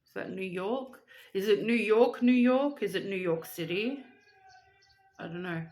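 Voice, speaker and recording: Woman, young adult, unhurried delivery, playful rambling chat, reading out viewer shoutouts. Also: mid-range voice. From Australia. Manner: chatty and playful, with silly asides and rambling tangents. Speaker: vlogger.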